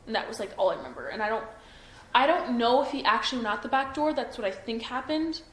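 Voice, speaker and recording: Young adult woman, witness, halting, lots of fillers, somewhat high voice, roomy echo. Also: expressive. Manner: hesitant, full of "like" and restarts. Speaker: witness being interviewed. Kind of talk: halting recollection in an interview. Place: indoors at her home. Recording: echoey room with faint ambient noise.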